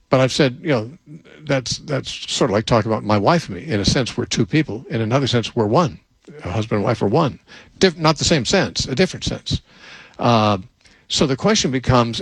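Older guy bible teacher thinking out loud, a bit husky, dry close sound. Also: medium pitch, no echo, rough recording. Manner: thoughtful, unscripted, frequent restarts.

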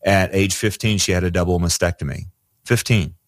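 A man's voice: low-pitched, fairly quick, dry recording, studio quality. A man speaking as a radio interview guest, earnest and conversational, with frequent fillers and restarts. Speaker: radio guest, ministry president.

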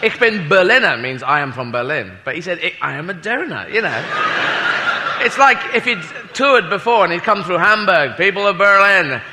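British male stand-up, high-ish voice, self-mocking rambler, live in a reverberant hall. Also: animated, normal speed. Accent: British English. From Britain. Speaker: stand-up comedian. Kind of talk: stand-up comedy set. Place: large hall before a live audience. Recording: echoey hall with audience noise.

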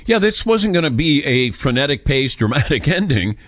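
A man's voice: on the high side, very animated, normal speed, a bit bright, no room sound. A man in his fifties hosting a radio talk show, chatting and telling stories about himself in a casual, self-deprecating way into a studio microphone.

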